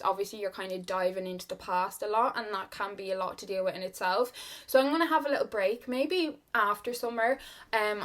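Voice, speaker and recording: A young Irish woman in her twenties chatting rambly and confiding while she does her makeup at home, full of "like" and "kinda". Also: medium pitch. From Ireland. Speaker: beauty vlogger. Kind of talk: chatty get-ready-with-me talk.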